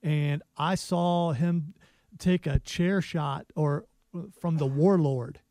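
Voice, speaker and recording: A man co-hosting a casual podcast chat, telling stories in a relaxed, enthusiastic way. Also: on the high side, slow, dry recording.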